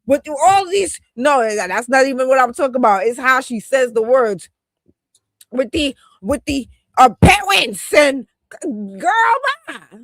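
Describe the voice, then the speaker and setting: A woman gives heated, scornful commentary, sassy and colloquial. Her voice sits high and swings widely in pitch. The sound is dry and close. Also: expressive, a little slow, a bit bright, no echo. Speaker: commentator on a political talk stream.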